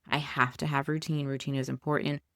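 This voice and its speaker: A woman's voice: sits low, little pitch movement, fairly quick, gravelly, fairly bright tone, no room sound, studio quality. A woman hosting a podcast, talking casually and soothingly as she guides listeners through breathing. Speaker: podcast host and coach.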